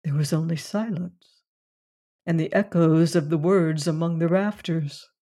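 A narrator reading a classic mystery tale aloud, slow and unhurried. The delivery is measured and deliberate, with a pitch that sits in the middle of the range. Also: darkish tone.

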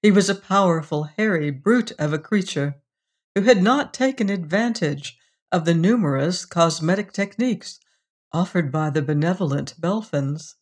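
A narrator reading a science fiction story in a calm, even manner. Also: mid-range voice, moderate pace. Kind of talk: audiobook narration.

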